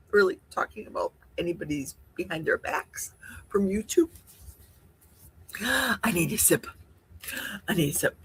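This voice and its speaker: A woman hosting a casual live Q&A stream, chatting in a rambling, animated way. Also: mid-range voice, slightly rough. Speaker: livestream host. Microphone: livestream setup.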